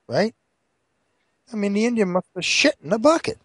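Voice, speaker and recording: A man telling a long rambling joke, animated, with frequent asides like checking the listener follows. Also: high voice, moderate pace, breathy edge, no room sound. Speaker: joke teller.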